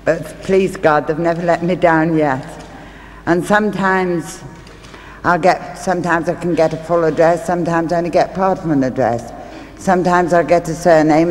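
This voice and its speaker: Her voice on the low side, a woman working as a stage medium recounts homely stories to a live audience, with chatty asides along the way. She keeps a steady tone and moderate pace, sounding a little mellow. Set in a large theatre hall, the recording is reverberant, with faint ambience and slight background noise.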